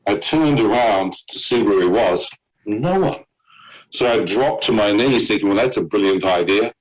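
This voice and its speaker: A man with a lowish voice tells his story of nearly dying. He gets animated, slips into other people's voices for their lines, and chuckles at his own bad luck. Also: moderate pace, rough recording. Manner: animated storyteller, quotes others in character, laughs at himself. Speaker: guest telling his testimony. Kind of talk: personal testimony storytelling.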